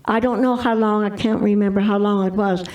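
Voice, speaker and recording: An older woman telling her personal testimony as an interview guest, halting with restarts and repeats. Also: medium pitch, fairly even intonation, a little mellow, far from the mic, poor audio.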